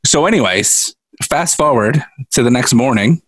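A man's voice: medium pitch, expressive, normal speed, fairly bright tone, husky, no room sound. A middle-aged man co-hosting a podcast, telling a story casually and laughing often. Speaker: podcast co-host. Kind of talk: casual chat.

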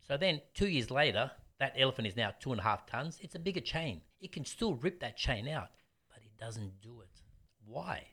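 A man, a martial arts teacher telling stories bluntly in casual interview chat. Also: medium pitch. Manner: animated storyteller, blunt.

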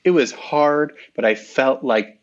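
A man's voice: mid-range voice, slow pace, muffled recording. A man chatting as a podcast guest, self-deprecating and chatty, with frequent hesitant fillers. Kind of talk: casual chat.

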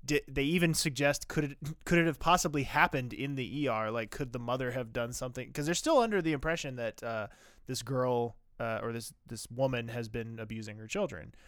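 A man's voice: mid-range voice, a little fast, a bit bright, no room sound, clean studio sound. A man co-hosting a casual podcast, recapping episodes in a chatty way full of fillers. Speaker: podcast co-host.

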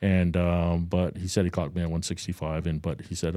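Man co-host, deep and dark-toned, casual anecdote with voiced-out quotes, dry close sound. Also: fairly quick, no room sound. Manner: animated, acts out quotes with a higher voice. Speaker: podcast co-host. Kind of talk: casual storytelling banter. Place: Daytona Beach, Florida.

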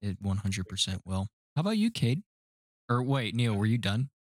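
Young male podcast host with a lowish voice, playful and self-mocking, trips over his words. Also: very animated, normal speed, dry recording, studio quality. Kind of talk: casual podcast chat.

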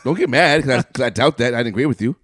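A man co-hosting a casual podcast, a bit sick with a sore throat, answering in a contrary, deadpan way. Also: mid-range voice, rapid-fire, no room sound, studio quality. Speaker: podcast co-host. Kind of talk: casual chat.

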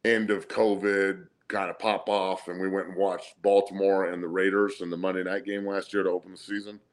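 A man's voice: sits low, little pitch movement, a little fast. A man hosting a casual sports podcast, talking bluntly in profane slang. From United States. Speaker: podcast host, former player. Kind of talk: casual chat.

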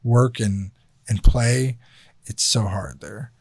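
A man's voice: mid-range voice, slow, a little mellow, slightly rough, no echo. A man hosting a casual podcast chat, talking bluntly and candidly with plenty of swearing. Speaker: podcast host.

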